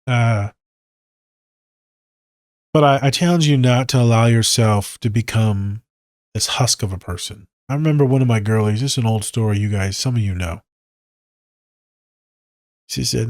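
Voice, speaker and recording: A man's voice: mid-range voice, normal speed, long pauses, no echo, studio quality. Blunt, profane man on a podcast. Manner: blunt, profane, animated storytelling. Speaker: podcast host. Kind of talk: casual advice monologue.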